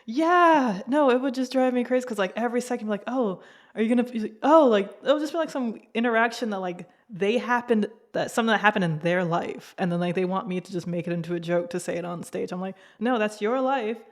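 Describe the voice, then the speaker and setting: A woman with a mid-range voice hosting a podcast in relaxed conversation. She chats in a loose way, filling her sentences with "like" and laughing often. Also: medium pitch, fast, hardly any pauses. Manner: chatty, laughs often, says "like" a lot. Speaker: podcast host. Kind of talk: casual chat.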